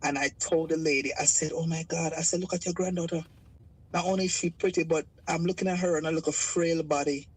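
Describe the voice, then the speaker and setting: A Jamaican woman calls in to a live show with a husky, breathy voice. She talks in an emotional, halting way, stuttering through her story over a line with faint noise behind her. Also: deep voice, steady tone, poor audio. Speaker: caller. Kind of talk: call-in testimony.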